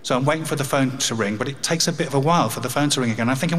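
A man's voice: mid-range voice, rapid-fire, few pauses, a crowd in the background. An English man in his fifties telling a personal story, with wry humour and grief. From England. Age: 50s. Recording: long hall reverb.

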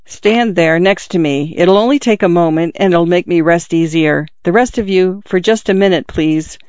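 A man's voice: sits high, normal speed, a little mellow, dry recording, muffled recording, lightly acted. A man reading a dying father in pain. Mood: earnest. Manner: urgent, confiding, pleading. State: in pain, out of breath. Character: dying middle-aged father, wounded, earnest.

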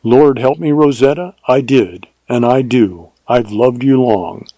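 A steady, bold young Texas ranger with a husky, earnest delivery, as a man reads him. The voice is low and mellow, recorded dry and close. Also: a little slow, no room sound, highs cut off.

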